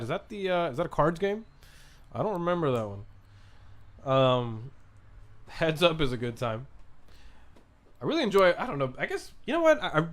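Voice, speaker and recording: A relaxed man hosts a podcast livestream and chats with viewers at an ordinary, middle pitch. He rambles loosely, restarts his sentences often and swears casually as he answers chat questions. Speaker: podcast host reading live chat.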